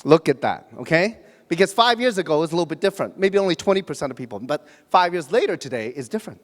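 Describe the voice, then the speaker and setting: A man's voice: a little high, big pitch swings, fast talker. A man in his forties from Hong Kong giving a joking motivational talk to an audience, asking them questions. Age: 40s. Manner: joking, asks the audience questions, frequent restarts and fillers. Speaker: motivational speaker at a business event. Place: large hall before an audience. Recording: reverberant hall.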